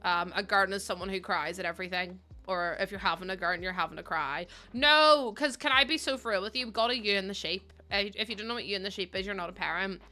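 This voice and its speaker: Bright chatty Northern Irish woman. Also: mid-range voice, quick pace, few pauses, soft background music. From Northern Ireland. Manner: chatty, swearing, laughing storyteller. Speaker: streamer. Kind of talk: casual chat while building in a game.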